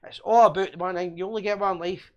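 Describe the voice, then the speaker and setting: A man's voice: sits high, steady tone, fast talker. A Scottish man hosting a casual live show, joking and rambling in boisterous banter. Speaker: host.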